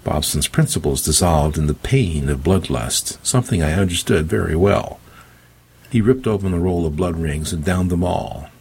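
Low, husky male audiobook narrator. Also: animated, normal speed, darkish tone. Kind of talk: first-person audiobook narration.

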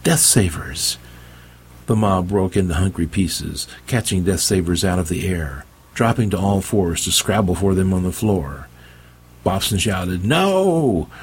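A man's voice: sits low, a little hiss or hum. A man narrating an audiobook in a dry, wry storytelling manner. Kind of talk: scripted narration.

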